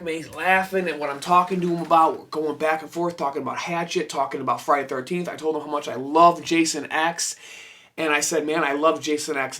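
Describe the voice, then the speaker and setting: A man talking to camera in a room filled with his collection, swapping between his own voice and quoted bits of conversation. His voice sits slightly high for a man, and he talks loosely and animatedly, swears freely and leans on fillers as he goes. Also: bright, forceful tone. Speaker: horror collectibles vlogger. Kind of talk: casual storytelling to camera.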